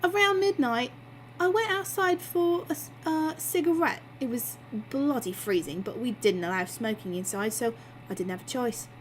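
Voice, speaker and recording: A woman's voice: fairly high pitch, normal speed, a little hiss or hum, lightly acted. A woman voicing a chatty, cheeky barmaid, telling her story breezily. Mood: breezy.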